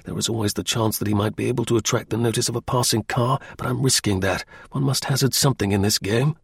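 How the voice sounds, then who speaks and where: Audacious disguised officer, wry and cool, clipped upper-class speech, husky, dry close sound, as a male narrator puts him on. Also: medium pitch, steady tone, quick pace, no echo. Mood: offhand.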